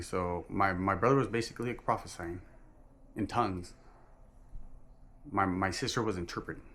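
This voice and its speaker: A man telling a personal religious testimony in an earnest, halting way, often restarting and correcting himself. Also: on the low side, fairly bright tone. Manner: earnest and emphatic.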